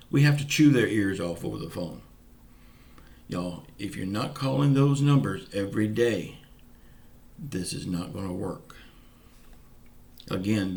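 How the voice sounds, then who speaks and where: Vlog host, male, Southern US accent, low pitch, folksy and plainspoken, some words slurred. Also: darkish tone. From Pensacola, Florida, US. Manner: folksy, earnest, keeps saying y'all. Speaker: channel host. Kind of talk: casual direct-to-camera update.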